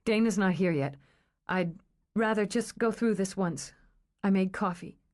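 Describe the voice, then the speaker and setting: A woman's voice: mid-range voice, unhurried, close to an everyday voice. A woman reading aloud, voicing an earnest young woman unsettled by something strange. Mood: shaken.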